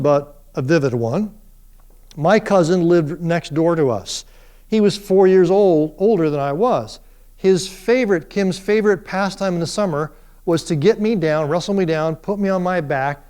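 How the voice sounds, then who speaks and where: A middle-aged man lecturing a university class on the Bible, telling stories and acting out the quotes in different voices. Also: high-pitched. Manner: animated storyteller, acts out quotes in voices.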